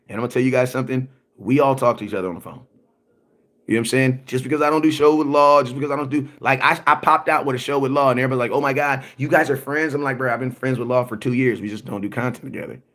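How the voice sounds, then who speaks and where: A man's voice: mid-range voice, a bit bright. A man in a mid-range voice hosts a sports livestream and rants with force. He repeats his points over and over in slangy talk. He keeps checking in with his viewers and answers their comments as they arrive. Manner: emphatic and repetitive, slangy, often asks "you know what I'm saying". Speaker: sports content creator hosting a livestream. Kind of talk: animated livestream rant.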